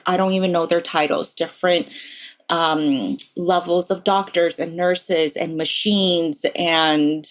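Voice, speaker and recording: A woman in her thirties, a podcast guest, telling a personal story in a soft, halting way with many pauses. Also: low voice.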